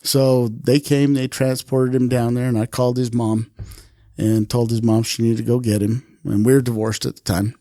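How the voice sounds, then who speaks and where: Animated storytelling man, dry close sound. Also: mid-range voice, normal speed, dry recording. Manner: animated, swears freely, acts out quoted lines. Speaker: retired police officer, podcast guest. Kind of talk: casual storytelling.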